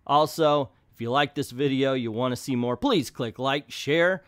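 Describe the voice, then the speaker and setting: A man's voice: medium pitch, moderate pace, fairly bright tone. Middle-aged male reviewer, mid-range voice, casual rambling monologue, hesitant and exasperated. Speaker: comic book reviewer, channel host.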